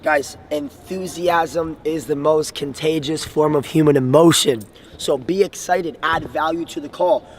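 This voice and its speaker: A man's voice: on the high side, steady tone, unhurried. Young male motivational coach, earnest, faint traffic behind, distant outdoor recording. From Bahamas. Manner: earnest, enthusiastic, addresses viewers as guys. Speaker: sales trainer. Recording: distant mic, faint street noise.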